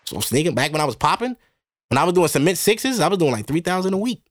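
A man's voice: fairly high pitch, sing-song, quick pace. A man from Brooklyn with a New York accent, hosting a podcast in a rambling, profane, exasperated monologue. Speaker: podcast host. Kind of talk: casual ranting monologue.

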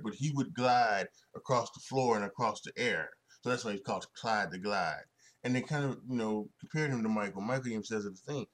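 A man's voice: on the low side, a little fast, fairly bright tone. A young man hosting a solo sports podcast, talking in a rambling way with many restarts and fillers and frequent chuckles. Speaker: podcast host.

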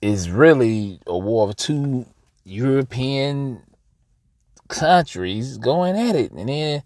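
His medium-pitched voice is expressive, slow, and darkish. A young adult American podcast host with an African American English accent, he delivers a casual outdoor monologue straight to listeners, conversational and emphatic, addressing them as "y'all." No room sound is audible.

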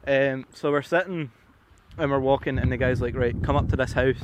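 A man's voice: medium pitch, brisk, heavy background noise. Swearing young man telling stories. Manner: animated, sweary, tags lines with "right?". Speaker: podcast guest, rapper. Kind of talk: casual storytelling chat.

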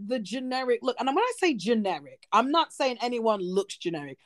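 A woman in her thirties chatting casually on a talk show, animated and expressive, with quick asides. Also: a little high, dry recording, clean studio sound. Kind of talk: casual chat.

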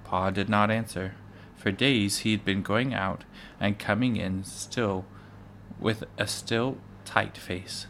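A man reading a children's book aloud, measured and with occasional stumbles. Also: on the low side, a bit bright, slight background noise. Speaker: reader.

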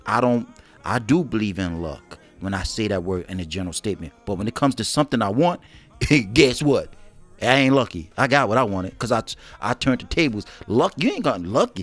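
A man co-hosts a casual talk show, talking in loose slang and laughing easily. His pitch swings widely, climbing when he gets worked up. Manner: animated, slangy, laughs often. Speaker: co-host. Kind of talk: casual chat show banter.

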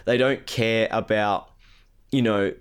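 A man's voice: lowish voice, fairly even intonation, slow pace, smooth. A man co-hosting a casual gaming podcast, ranting with lots of swearing and mocking impressions. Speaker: podcast co-host.

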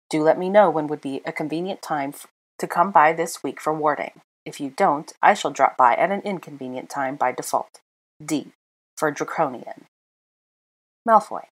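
Low-voiced woman reading a story aloud. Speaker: audiobook reader. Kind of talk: unedited fan fiction read-aloud.

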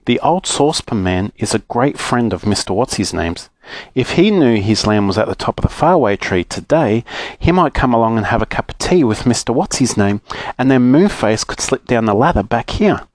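An Australian man voicing a gentle fairy girl who talks in a fretful, sobbing way while reading a storybook aloud. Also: medium pitch, expressive, moderate pace, no room sound, lightly acted. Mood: tearful.

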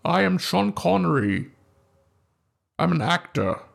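A man doing an impression of a suave older Scottish actor playing a film spy, in a slow drawl. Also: a little high, big pitch swings, gravelly, full character voice. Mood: smooth.

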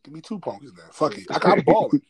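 A man telling a funny story from his school days in a loose, animated way, repeating himself and laughing. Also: fairly high pitch, quick pace, creaky. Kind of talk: casual storytelling.

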